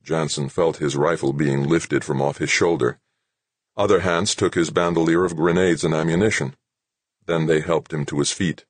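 A man's voice: very deep voice, fairly even intonation, moderate pace, slightly rough, no echo. A man narrating an audiobook with dramatic, tense storytelling.

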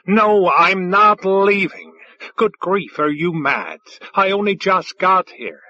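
A man's voice: high voice, slow pace, dry recording, lo-fi sound. Man doing a brash, defiant human gambler. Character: brash reckless human man at an alien dinner.

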